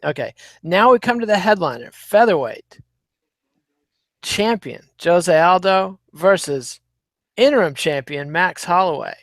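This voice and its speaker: A man's voice: high-pitched, lively intonation, a little slow, no echo. Dry-witted man previewing a fight card. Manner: dry, sarcastic wit. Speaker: podcast host. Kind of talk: casual chat, sports preview.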